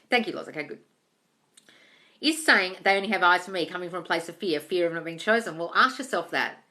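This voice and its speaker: A woman's voice: on the low side, pushed and bright. A woman coaching on manifesting in a casual live-stream Q&A, reading out viewer comments and answering them directly.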